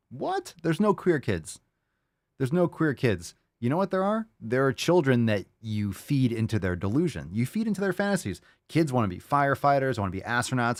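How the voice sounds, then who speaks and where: Crude ranting male host, lively pitch. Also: no room sound, studio quality. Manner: crude, mocking, sarcastic rants with mock voices. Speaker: show host. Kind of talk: ranting commentary show.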